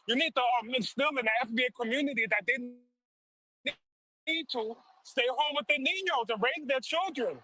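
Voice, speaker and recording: A man's voice: very high-pitched, normal speed, bright, forceful tone, no room sound, low-quality recording. A man calling into a talk show as a provocative troll, arguing in a whiny way. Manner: whiny, provocative, repeats insults. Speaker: call-in troll. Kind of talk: argumentative call-in talk.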